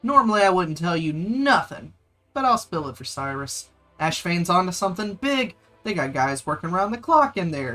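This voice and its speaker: A man's voice: high-pitched, pushed and bright, full character voice. A man voicing a streetwise male dock informant with a tough, slangy drawl, read aloud during a game stream.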